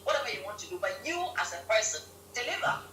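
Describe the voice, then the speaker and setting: A woman from Ghana, a guest on a live-stream interview, telling stories in an animated way and laughing often. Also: medium pitch, quick pace. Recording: roomy, distant mic with faint hum.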